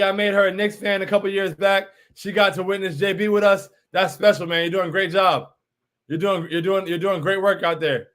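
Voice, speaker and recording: A man in his thirties from New York hosts a casual fan stream, reading out viewer messages with a fairly high voice. He is hyped and animated and keeps echoing his own lines. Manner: excited, repeats phrases, reads viewer comments aloud. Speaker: livestream host reading chat. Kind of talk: casual hype chat.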